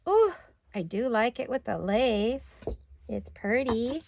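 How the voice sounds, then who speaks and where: A woman with a raspy, gravelly voice chats to her viewers from her home craft studio. She talks casually as she works, apologizing for herself with a self-deprecating humor. Her pitch sits in a middling range. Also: lively intonation, moderate pace, a little mellow. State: raspy voice from allergies. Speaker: craft vlogger. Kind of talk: casual chat while crafting.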